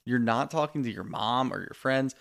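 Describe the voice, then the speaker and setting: Podcast co-host, male, mid-pitched with a gravelly edge, casual storyteller. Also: normal speed. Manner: relaxed storytelling, quotes people in lively bursts. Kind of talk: casual chat recapping reality TV.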